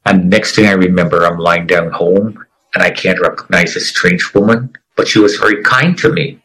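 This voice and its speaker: A middle-aged man giving an earnest, emotional personal testimony as an interview guest, with dramatic pauses. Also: deep voice, fairly even intonation, a bit bright, breathy edge, poor audio.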